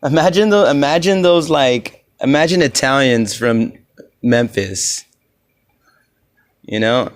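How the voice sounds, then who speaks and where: A man's voice: medium pitch, expressive, takes it slowly, pauses often. A man from Los Angeles hosting a casual solo podcast, rambling loosely with lots of "you know"s. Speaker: podcast host.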